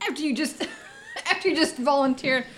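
A woman playing in a tabletop game, asking quick questions and often laughing. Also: sits high, fairly bright tone, slight background noise. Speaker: player. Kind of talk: casual tabletop play.

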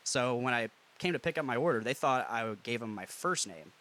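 A man's voice: medium pitch, expressive, brisk, pushed and bright. A man hosting a podcast in casual chat, rambling and chuckling as he jokes around. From US Midwest. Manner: rambling, chuckling, loose and joking. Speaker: podcast host.

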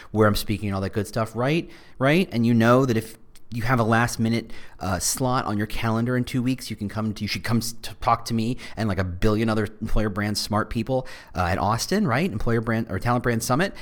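A man hosting a podcast in a casual, rambling monologue, often breaking off and restarting his sentences. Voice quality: fairly high voice by his own account. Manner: chatty, rambling, self-interrupting. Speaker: podcast host.

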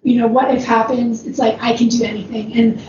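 A woman's voice: on the high side, little pitch movement, fairly quick. A woman telling a long personal story in a casual, rambling way, with lots of fillers and frequent laughs. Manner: rambling, many "like"s, laughs often. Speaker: ultrarunner guest. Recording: roomy, distant, dull, noisy background.

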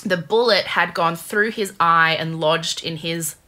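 A woman casually telling a true crime story to her co-host, chatty and animated, with lots of fillers. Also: on the low side, a little slow.

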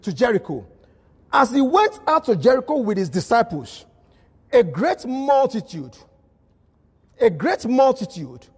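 Male pastor, high husky voice, emphatic sermon delivery, long hall reverb. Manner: emphatic preaching with repeated phrases and bursts of shouting. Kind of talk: sermon at a midweek service.

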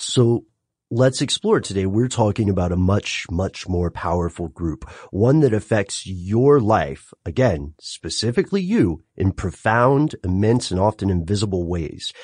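A man co-hosting a casual podcast, talking in an animated, emphatic way and laughing often. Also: fairly low pitch, slightly rough, no echo. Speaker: podcast co-host.

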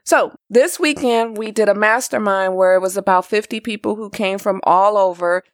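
A woman hosts a podcast in an upbeat, chatty way. Her voice sounds close and dry, with no room sound. Her pitch stays in the middle. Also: moderate pace, no echo. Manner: chatty, upbeat, laughs easily. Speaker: podcast host. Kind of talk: casual chat.

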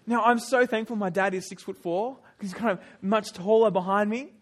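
A man's voice: sits high, normal speed. A young man preaching a sermon, retelling a scripture story and sharing personal stories, his voice rising for emphasis. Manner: animated storytelling, raises voice for emphasis.

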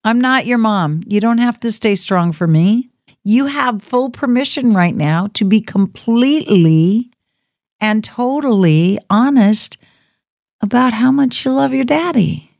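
A woman hosting a call-in radio show, speaking gently and consolingly to callers, calling them honey. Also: fairly high pitch, animated, a little slow, vocal fry, no room sound, clean studio sound. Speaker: radio host.

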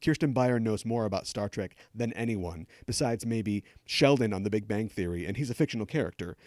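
A man's voice: on the low side, brisk, darkish tone, no room sound. A man hosting a podcast, delivering scripted news commentary with sarcastic, joking asides into a close studio mic. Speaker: podcast host.

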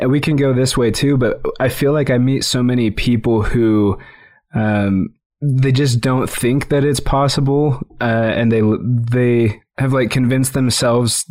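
A man hosting a podcast, asking a question in a halting, casual way full of fillers. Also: mid-range voice, darkish tone. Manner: halting, many fillers, thinking aloud. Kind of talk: casual conversational interview.

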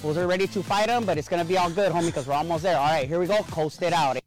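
Man playing a cholo spin instructor, high voice, fast talk, slangy coaching, comedy clip. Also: faint music behind, lightly acted. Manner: laid-back slangy coaching, says homie a lot. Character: streetwise male cholo spin-class instructor. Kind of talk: comedy sketch as a fitness instructor.

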